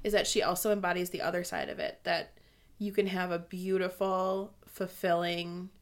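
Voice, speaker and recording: A woman's voice: fairly low pitch, steady tone, moderate pace. A young woman co-hosting a casual book discussion, bubbly and laughing often as she reads passages aloud. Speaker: podcast co-host.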